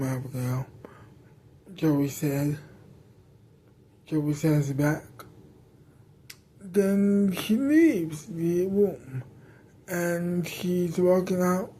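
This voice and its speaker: An American woman narrating a story she makes up as she goes, rambling and repeating herself. Her voice is a little low and mellow, and she speaks very slowly. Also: animated, slight background noise. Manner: rambling, restating lines. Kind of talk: improvised spoken story.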